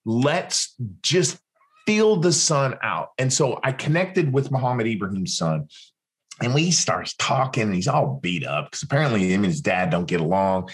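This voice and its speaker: A podcast guest, a man, tells a long story in an animated way. He acts out other people's lines in different voices and often restarts his sentences. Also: medium pitch, moderate pace. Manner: rambling, with frequent restarts.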